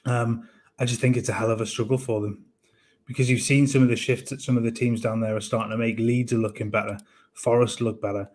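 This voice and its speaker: A man co-hosting a football fan show, giving measured analysis of players with frequent hesitant restarts. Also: medium pitch, level tone, a little mellow.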